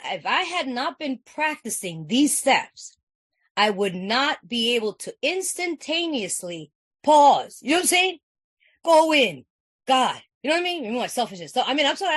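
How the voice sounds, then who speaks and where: A woman's voice: high-pitched, very animated, normal speed, fairly bright tone, slightly rough, no room sound. A woman from California giving an earnest, conversational personal share at a recovery meeting, repeating phrases and often asking "you know what I'm saying".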